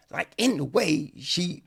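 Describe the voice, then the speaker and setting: A man's voice: on the high side, vocal fry, fairly bright tone, husky. A man giving a blunt, profane, casual film review on a podcast, acting out lines as he goes.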